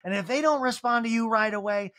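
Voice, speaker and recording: A man's voice: fast, pushed and bright, no room sound, clean studio sound. A man doing a brash, teasing gossip queen. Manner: high, blunt and emphatic.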